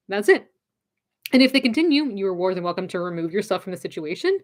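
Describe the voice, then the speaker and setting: Woman, casual advice talk, encouraging, direct, repeats key phrases, mid pitch. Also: lively intonation, fast talker.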